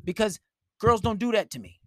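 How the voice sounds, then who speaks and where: A man's voice: sits high, sing-song, fairly quick, a bit bright, dry recording, studio quality. Blunt, profane man streaming live. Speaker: live streamer giving dating advice. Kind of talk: casual advice rant.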